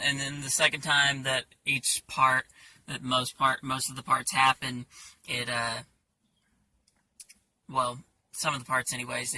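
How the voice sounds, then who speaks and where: A man talking casually about his songs in a halting way, with many fillers and restarts. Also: medium pitch, pushed and bright, far from the mic, slight background noise. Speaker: songwriter.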